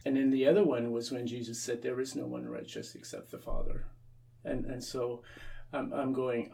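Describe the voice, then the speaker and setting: Gravelly-voiced priest telling a story. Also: male voice, medium pitch, animated, normal speed, warm tone, recorded from a distance. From Canada. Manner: repeats words and restarts often, acts out quoted voices. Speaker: Anglican priest, interview guest. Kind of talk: storytelling in a conversational interview.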